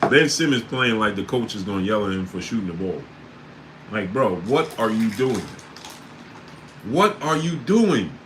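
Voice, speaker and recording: A man hosting a casual sports livestream, reading out chat names and breaking into loud disbelief. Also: fairly low pitch, moderate pace, noisy background.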